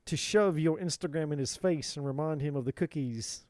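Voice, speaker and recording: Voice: mid-range voice, normal speed, darkish tone, no room sound, studio quality. A tarot reader giving a live reading in a playful put-on British accent, swearing and exasperated in a theatrical way.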